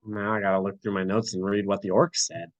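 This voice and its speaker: A young man chatting as a player in a tabletop game, asking quick, casual questions. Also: fairly low pitch, expressive, no echo, muffled recording.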